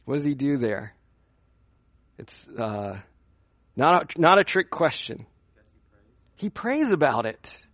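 A man's voice: fairly high pitch, big pitch swings, slow, long pauses, a bit bright, no room sound. A young man preaching at a youth conference in a conversational way, asking his listeners questions as he teaches. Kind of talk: sermon.

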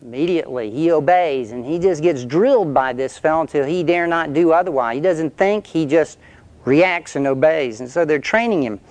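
A man's voice: a little high, moderate pace, darkish tone, dry recording. Storytelling male preacher. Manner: storytelling with illustrations, conversational. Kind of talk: sermon.

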